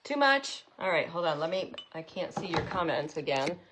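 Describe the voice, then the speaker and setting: A woman's voice: sits low, fairly even intonation, a little fast, a little hiss or hum. A woman hosting a live craft tutorial, chatting with viewers in an upbeat way while she works. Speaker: craft host.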